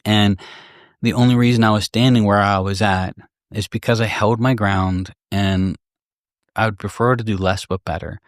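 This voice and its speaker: Low-voiced middle-aged gunsmith host. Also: male voice, steady tone, moderate pace, dry recording, studio quality. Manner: candid, rambling, with restarts. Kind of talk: casual storytelling podcast.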